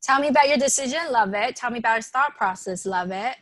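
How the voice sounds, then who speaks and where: A woman leading an online workshop, talking casually, reading participants' suggestions aloud and warmly affirming them. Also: a little high, fast talker, no room sound. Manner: conversational, with frequent fillers and restarts. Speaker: workshop presenter.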